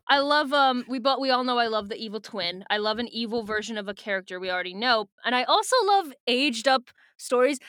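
A woman's voice: a little high, pushed and bright, smooth, no echo, studio quality. A young woman co-hosting a podcast, recapping a book in a chatty way with many fillers and frequent laughs. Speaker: podcast co-host. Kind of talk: casual book recap and chat.

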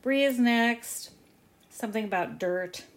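A young woman co-hosting a casual recap podcast from her kitchen, chatting with wry jokes and quick asides. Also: a little high. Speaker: podcast co-host. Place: home kitchen while cooking.

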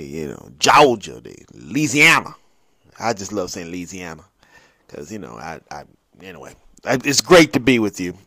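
A man with a lowish voice hosting a casual solo podcast, talking in a loose, playful, rambling way. He often restarts his sentences and drifts between thoughts. The recording is dry and close, with almost no room sound. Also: fairly bright tone, dry recording. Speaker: podcast host.

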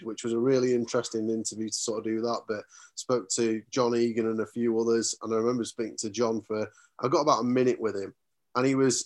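A man, a radio sports reporter and commentator telling stories as a guest in a casual podcast chat. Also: mid-range voice. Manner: reminiscing storyteller, chatty and earnest.

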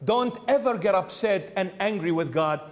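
A bishop preaching a sermon in a church, telling the story animatedly and acting out its characters. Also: male voice, high-pitched, lively intonation, moderate pace, in a large hall.

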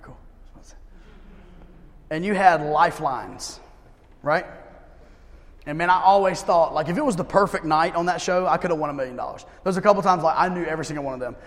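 A man in his thirties preaching a sermon to his church, casual and conversational, swinging from loud emphasis to hushed pleading. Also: fairly high pitch, a little fast, pauses often, big-room sound. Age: 30s. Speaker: pastor. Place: church service held in a gym.

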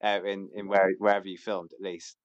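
A man's voice: deep voice, flat delivery, fairly quick, no echo, lo-fi sound. A man, chatting hesitantly as a podcast guest, with many fillers and restarts. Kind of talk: casual chat.

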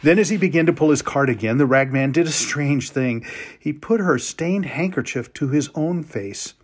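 A man giving a dramatic story reading, slow and emotive, with drawn-out pauses. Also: fairly high pitch, slightly rough.

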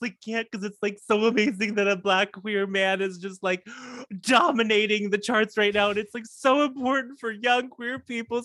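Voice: medium pitch, bright, forceful tone, no room sound, studio quality. A podcast co-host in casual chat, emphatic and laughing often.

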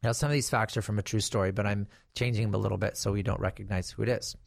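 A man's voice: fairly low pitch, steady tone, racing, gravelly, no room sound, clean studio sound. A middle-aged man, an estate planning attorney, explaining guardianship in a conversational storytelling way with emphatic warnings. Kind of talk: explanatory talk to viewers.

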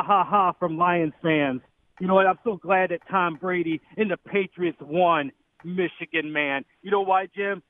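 A man's voice: sits high, no room sound. A man calling into a radio show, cocky and boastful. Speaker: caller. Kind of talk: boastful call-in. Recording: dry phone line.

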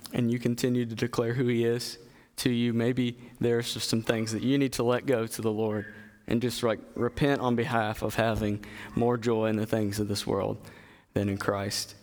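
Male preacher, mid-pitched, earnest and halting, preaching and reading scripture in a hall with long reverb. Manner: earnest, halting, with fillers and restarts.

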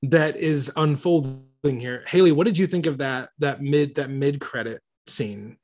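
Excitable man hosting a podcast. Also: mid-range voice, unhurried. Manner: enthusiastic, rambling with restarts. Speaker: podcast host. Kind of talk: casual movie podcast chat.

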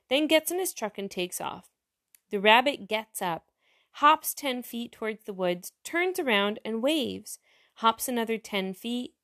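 This woman's medium-pitched voice has a slightly bright quality. In a chatty, casual way, she reads jokes out loud and comments on every one.

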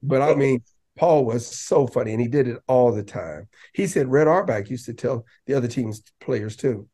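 A man talking casually as a podcast guest, telling lively stories and breaking into raised voices to act out what others said. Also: medium pitch, normal speed. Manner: animated, laughing, acts out quotes in raised voice. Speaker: podcast guest, basketball coach. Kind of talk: casual storytelling.

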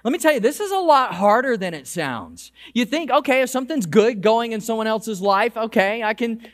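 A male pastor delivers his sermon in a high-pitched voice. He talks in an animated way, often restarting and repeating words, and his voice carries a lingering hall echo. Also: moderate pace. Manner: animated preaching with frequent restarts. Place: church. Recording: hall reverb.

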